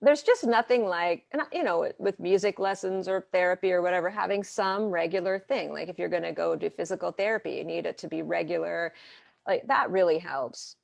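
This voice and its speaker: Gravelly-voiced woman therapist, lowish pitch. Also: fairly quick, no echo. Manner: animated, talks through examples and quoted dialogue. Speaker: therapist and coach. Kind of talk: conversational interview answers.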